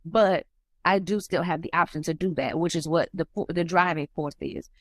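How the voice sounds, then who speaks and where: A woman tells a raw personal story as a podcast host. Her pitch climbs sharply whenever she acts out what others said. The sound is dry and close, with no room echo. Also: normal speed. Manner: animated, acts out quoted dialogue with rising pitch.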